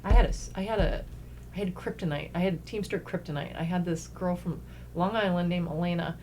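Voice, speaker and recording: A woman from New York, a guest chatting casually in a lively way and swearing freely. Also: on the low side, a little fast, a little hiss or hum. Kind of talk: casual podcast chat.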